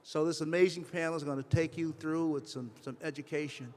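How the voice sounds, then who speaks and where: Man, public speech, impassioned, fairly high voice, long hall reverb. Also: steady tone, brisk, a little mellow. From western Massachusetts. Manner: impassioned, rising to emotional emphasis. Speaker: legislator speaking at an event. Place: large hall at a state house.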